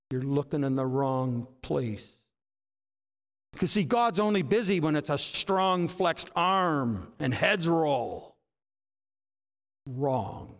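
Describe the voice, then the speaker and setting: A man's voice: on the high side, animated, slow pace, long pauses. A man preaching a sermon with dramatic emphasis and rhetorical questions. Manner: dramatic, rhetorical questions, swings between loud bursts and hushed asides.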